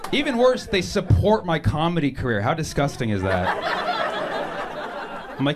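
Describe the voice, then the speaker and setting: A man's voice: fairly high pitch, wildly swooping pitch, normal speed, long pauses, background noise. A man doing a stand-up routine, playful and full of mock indignation. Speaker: stand-up comedian. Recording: live club with loud crowd laughter.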